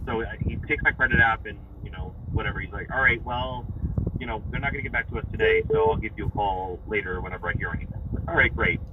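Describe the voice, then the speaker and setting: A man of about twenty with a New York accent, calling in and telling a rambling story, swearing freely. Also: on the low side. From Long Island, New York. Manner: fast, animated, swears freely. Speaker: caller. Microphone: phone. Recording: muffled, distant phone call with noise.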